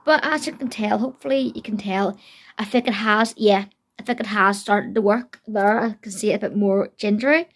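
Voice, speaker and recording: Speaking at normal speed with a medium-pitched voice, a young woman records a rambling beauty vlog at home. Her chat is casual and self-deprecating, full of fillers.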